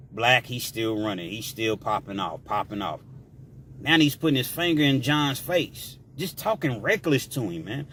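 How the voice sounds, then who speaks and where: A man telling a story in a casual, slangy way, with animated delivery and shouted sound effects. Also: mid-range voice, measured pace, a little hiss or hum.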